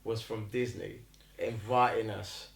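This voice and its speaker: A man co-hosting a podcast in casual chat, excitable and quick to laugh. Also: on the low side, gravelly. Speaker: podcast co-host. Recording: echoey room.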